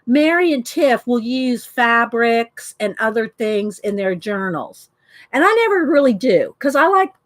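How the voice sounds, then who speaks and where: A woman with a slightly raised voice hosts a casual live art session from her home craft desk. She rambles along enthusiastically, chatting with her viewers as she shows her supplies. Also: a little high. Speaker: art journaling host.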